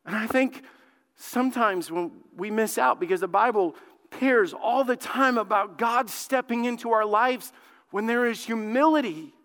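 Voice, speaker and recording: A male lead pastor preaching a sermon, fervent, dropping to a hushed plea and then rising loud, and often repeating words as he builds a point. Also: sits high, measured pace. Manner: fervent, swings from hushed pleading to loud outbursts. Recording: long hall reverb.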